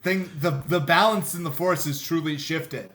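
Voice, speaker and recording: Relaxed man, somewhat high voice. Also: moderate pace. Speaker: podcast co-host. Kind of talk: casual chat.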